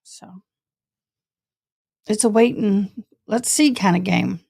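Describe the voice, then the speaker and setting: A woman's voice: medium pitch, takes it slowly, creaky, mellow, slightly rough. A woman from Tennessee chatting casually as host of a true crime livestream, saying "y'all" often.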